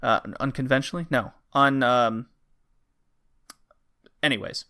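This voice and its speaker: Guy on a podcast rambling thru a game plot, bright punchy voice. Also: medium pitch, steady tone, measured pace, smooth. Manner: rambling, acts out characters' lines. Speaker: podcast host. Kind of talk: casual game review chat.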